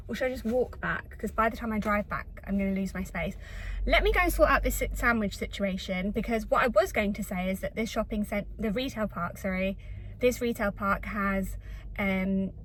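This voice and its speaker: A woman from England, chatting and rambling to camera in a casual vlog from her car, self-deprecating and lively. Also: medium pitch, a little hiss or hum, rough recording. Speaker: vlogger. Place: in her car in a retail park.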